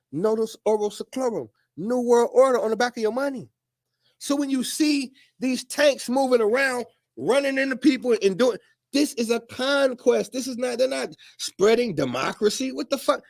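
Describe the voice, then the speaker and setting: High-pitched man ranting to his viewers. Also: normal speed, creaky. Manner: preachy, profane, rising into shouts. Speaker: commentator. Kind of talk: animated monologue to camera.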